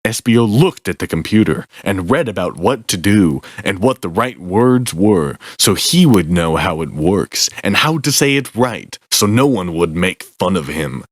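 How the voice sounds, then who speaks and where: A man hosting a podcast, reading fan fiction aloud in a slow, deadpan comedic way. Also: sits low, no room sound, clean studio sound. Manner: slow, deadpan, breaking into laughter.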